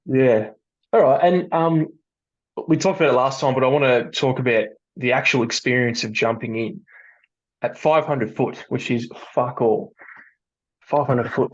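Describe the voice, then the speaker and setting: A man hosts a podcast in an easygoing, chatty manner and laughs with his guest. His voice sits in a middle range. The audio sounds muffled and dull, like a remote recording. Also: medium pitch. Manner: relaxed, laughs along with the guest. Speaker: podcast host. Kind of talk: casual interview.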